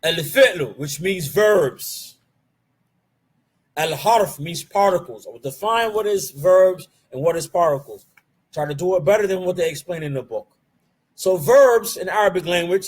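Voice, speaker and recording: A man teaching an online Arabic grammar class. He asks the class questions and answers them himself, drills key terms slowly and mixes Arabic terms into his English. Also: high-pitched, husky. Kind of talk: live online class lecture.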